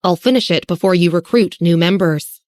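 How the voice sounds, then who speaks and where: A woman's voice: lowish voice, moderate pace, darkish tone, dry recording, studio quality, close to an everyday voice. A woman voicing an offhand, absent-minded young woman in an audiobook. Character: cool young woman, a student.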